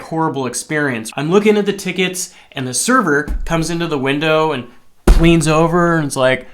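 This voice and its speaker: A man's voice: fairly high pitch, normal speed, fairly bright tone. A man who works as a line cook, telling a personal story in a candid, rambling way with plenty of swearing. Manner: candid, profane, rambling with restarts.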